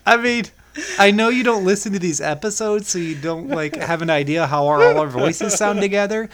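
A man's voice: high-pitched, moderate pace, fairly bright tone. A man co-hosting a podcast, trading sarcastic jokes and swearing freely in casual banter. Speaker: podcast co-host.

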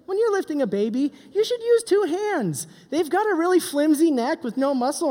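A middle-aged man giving a joking, animated youth sermon as a pastor. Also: extremely high pitch. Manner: joking, animated, does silly voices. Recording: long hall reverb.

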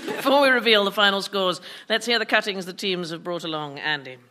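A woman's voice: mid-range voice, brisk. A woman hosting a radio comedy panel quiz, firing off dry quips and laughing at her own jokes. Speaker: quiz show host. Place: radio studio with live audience. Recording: loud hiss and audience.

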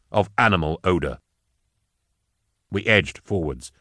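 A man reading a dark first-person fantasy story aloud in a measured, grave storytelling manner. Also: on the low side, animated, dry recording, clean studio sound. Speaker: narrator. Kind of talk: audiobook narration of dark fantasy fiction.

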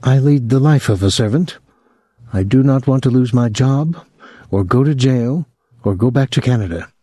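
A curt, blunt house servant woman who talks in a flat, sullen way, put on by a man. Her voice sits higher than the reader's own. The reading sounds close and dry, with no room ring. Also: moderate pace, no echo, lightly acted. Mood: calm, flat.

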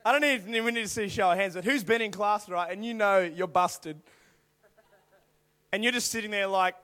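A young man preaching to a youth group through animated personal stories, acting out voices and now and then bursting into shouts. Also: high voice, moderate pace. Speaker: youth speaker. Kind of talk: storytelling youth sermon.

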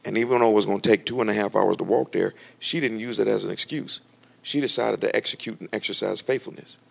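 Solemn divine voice, gravelly, slow and deliberate, instructive, as a preacher puts it on. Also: male voice, fairly low pitch. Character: the Holy Spirit, calm, solemn divine voice.

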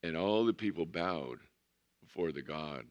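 A man's voice: rumbling low, animated, highs cut off. A man preaching a sermon as pastor, telling stories conversationally and stretching out words for emphasis. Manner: conversational storytelling, drawn-out emphasis.

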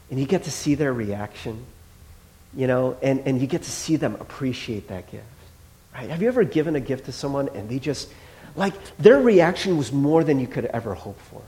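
A man's voice: mid-range voice, lively intonation, normal speed, warm tone. A man preaching a sermon as pastor, chatty and playful, acting out little dialogues with the congregation.

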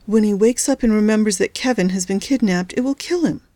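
A woman voicing a bitter, frightened wife in an audiobook, close to her own low voice. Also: a little fast, dark tone, no echo, lightly acted. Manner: bitter, resentful. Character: bitter, frightened young wife at a hospital bedside. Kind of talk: audiobook character voice.

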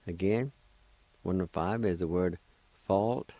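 A man hosting a radio language lesson, speaking deliberately and spelling out words syllable by syllable. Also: low-pitched, vocal fry, dark tone, no room sound. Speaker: radio host teaching a language.

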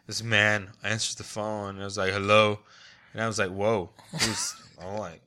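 A man in his thirties chatting casually with his younger brother, a relaxed storyteller who laughs through his anecdotes. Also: on the low side, moderate pace, noisy background. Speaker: interview guest, older brother. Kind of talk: casual family conversation.

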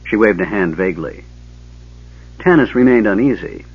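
A man narrating an audiobook in an expressive storytelling manner. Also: deep voice, normal speed, husky, dry recording. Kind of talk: scripted narration. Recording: dull lo-fi tape, dry.

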